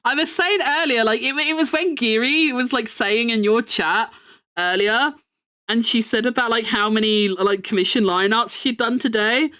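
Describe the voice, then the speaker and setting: A woman's voice: fairly high pitch, normal speed, bright, forceful tone. A young woman streamer chatting casually, rambling, joking about herself and swearing freely.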